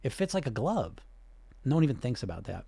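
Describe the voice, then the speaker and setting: Blunt, animated male weight-loss coach. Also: mid-range voice, a little fast, gravelly, husky, dry recording. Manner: blunt, animated, rhetorical questions. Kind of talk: livestream coaching talk answering questions.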